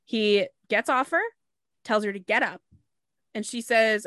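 A woman's voice: a little high, steady tone, a little slow, fairly bright tone, no echo, clean studio sound. A woman hosting a podcast, telling a true crime case in a casual, matter-of-fact way with fillers and asides.

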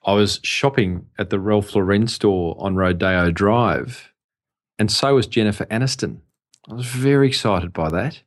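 A man's voice: lowish voice, normal speed. A man with an Australian accent, co-hosting a business podcast in casual chat, telling stories and laughing often. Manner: chatty storyteller, laughs often. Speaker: podcast co-host.

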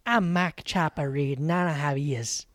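A man putting on a gruff Australian hard man. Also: on the high side, normal speed, a bit bright, dry recording, clean studio sound, voice pushed down, natural voice. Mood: tough bravado. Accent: Australian, put on.

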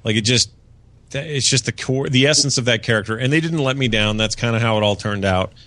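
A man's voice: medium pitch, fast talker, pushed and bright, no echo. A man co-hosting a podcast in casual chat, rambling with many fillers and restarts. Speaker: podcast co-host. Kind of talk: casual chat reviewing a TV season. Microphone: podcast studio mic.

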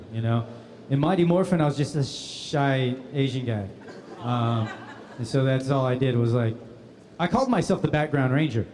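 A man's voice: mid-range voice, in a large hall, a little hiss or hum. A man answering fan questions at a convention panel in a casual, laughing storytelling manner. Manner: laughing, animated anecdotes acting out other voices.

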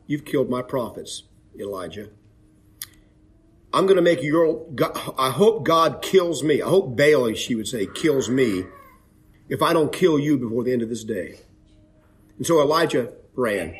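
Earnest man preaching, swinging loud and low. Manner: earnest, rising to emphatic peaks, then dropping low. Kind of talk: sermon retelling a Bible story.

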